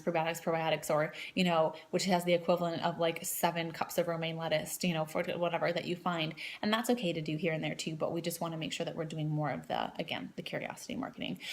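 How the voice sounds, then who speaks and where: A woman's voice: low voice, slight background noise. A woman in her thirties giving a casual training talk to new coaches, rambling with lots of fillers and restarts.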